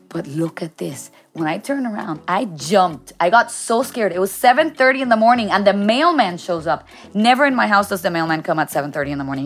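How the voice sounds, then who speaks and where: Chatty woman host, lower voice. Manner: chatty, animated storytelling. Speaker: mother of three. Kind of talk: casual storytelling chat.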